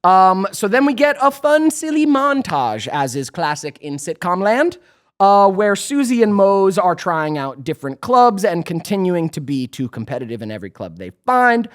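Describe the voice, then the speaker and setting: A man's voice: high voice, very animated, moderate pace. A man co-hosting a podcast, recapping episodes in a loose, chatty way with lots of fillers and laughs. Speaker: podcast co-host. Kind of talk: casual rewatch recap chat.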